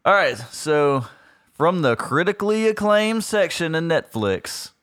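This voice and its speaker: A man's voice: on the high side, big pitch swings, unhurried, fairly bright tone, no room sound, studio quality. A man co-hosting a casual podcast chat, hesitant and full of fillers. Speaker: podcast co-host.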